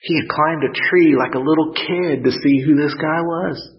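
A man preaching a sermon, earnest and pausing, lifting his voice when he quotes scripture. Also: on the high side. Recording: dull lo-fi sound.

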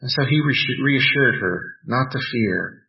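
A man preaching a sermon, reading scripture aloud and adding playful personal asides in a measured, deliberate way. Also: mid-range voice, expressive, vocal fry, muffled recording. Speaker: pastor.

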